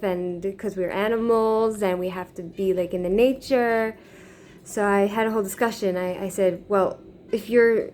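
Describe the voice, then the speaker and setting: A woman living in Israel vlogs a personal story to her camera, rambling casually with lots of fillers, restarts and frequent laughter. Her voice is mid-range with a darkish tone.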